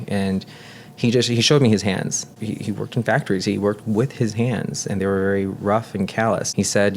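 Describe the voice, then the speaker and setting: Talkative, earnest low-voiced man. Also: steady tone, moderate pace, darkish tone, slight background noise. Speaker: nurse; guest. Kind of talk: casual chat.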